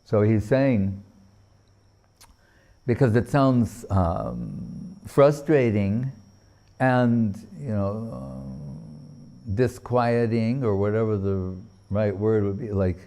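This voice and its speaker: An older man giving a sermon-style spiritual class in an unhurried, drawn-out way. His voice is mellow and warm. He talks haltingly, trailing off and restarting as he searches for words. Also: fairly low pitch. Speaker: spiritual teacher.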